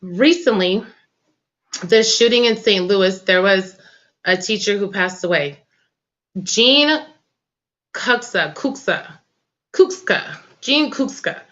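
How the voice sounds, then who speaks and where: A woman's voice: medium pitch, animated, slow, pauses often, fairly bright tone, highs cut off. Tearful, impassioned woman host. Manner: impassioned and tearful, colloquial slang. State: crying. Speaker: talk show host. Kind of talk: emotional political commentary.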